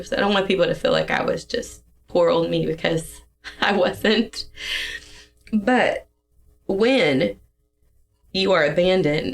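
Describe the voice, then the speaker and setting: A young woman giving a personal testimony in a podcast interview, emotional and halting, with fillers and soft laughs. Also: fairly low pitch, creaky.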